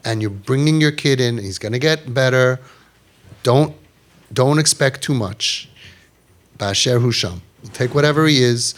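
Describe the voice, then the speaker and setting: A man's voice: medium pitch, measured pace. A man, speaking to parents with passion and acting out their voices as he tells stories, his talk full of Hebrew and Yiddish words. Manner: animated, acts out quoted parents and kids in raised voices; sprinkles Hebrew and Yiddish religious terms. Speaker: parenting podcast host giving guidance.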